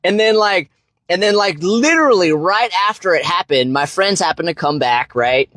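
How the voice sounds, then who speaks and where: A young man casually telling a story on a livestream, rambling and swearing, tagging "right?" onto his lines, his voice leaping high when excited. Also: normal speed, no echo. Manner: rambling, profane, constant "right?" tags. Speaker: fitness and finance creator.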